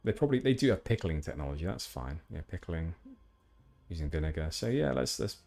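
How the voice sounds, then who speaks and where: A man's voice: deep voice, sing-song, fairly quick, vocal fry, dark tone. A man streaming a game, chatting casually with rambling, self-deprecating asides. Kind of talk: casual gameplay commentary.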